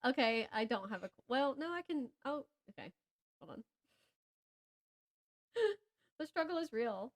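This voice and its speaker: A woman with a Southern American accent chats about books on a casual podcast. Her voice sits somewhat high. She rambles, breaks off mid-sentence and laughs a lot as she talks. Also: big pitch swings, a little slow, pauses often. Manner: rambling, self-interrupting, laughs often. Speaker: podcast co-host.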